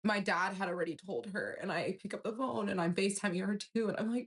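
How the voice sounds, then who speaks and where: A woman's voice: mid-range voice, quick pace, few pauses. A young woman from Nigeria earnestly recounting a personal story, full of quoted dialogue.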